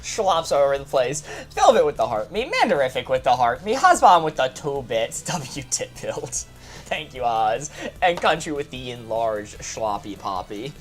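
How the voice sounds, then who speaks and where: A woman with a low voice that swings widely in pitch hosts a casual live stream. She talks playfully, laughs often and thanks her chat, with faint music playing behind her. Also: sing-song, normal speed. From New York. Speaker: streamer host.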